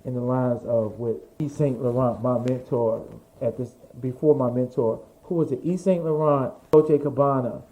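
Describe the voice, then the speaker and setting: Animated storyteller, man from New York. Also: medium pitch, moderate pace, hardly any pauses. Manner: animated storyteller who swears freely and acts out other people's voices. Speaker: interview guest, fashion designer. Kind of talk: casual storytelling interview. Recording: dull lo-fi audio.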